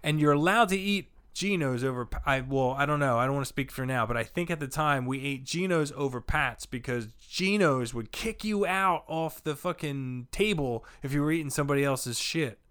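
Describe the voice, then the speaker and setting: A man's voice: mid-range voice, normal speed, few pauses, fairly bright tone, clean tone, no room sound, clean studio sound. A man, a comedian chatting loosely on a podcast, rambling and swearing often. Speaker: comedian guest. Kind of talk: casual podcast chat.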